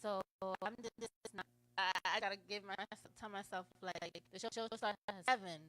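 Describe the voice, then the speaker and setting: A woman's voice: mid-range voice, steady tone, normal speed, sharp tone, dry recording, rough recording. A woman hosting a live talk show, rambling through a film's story with many restarts.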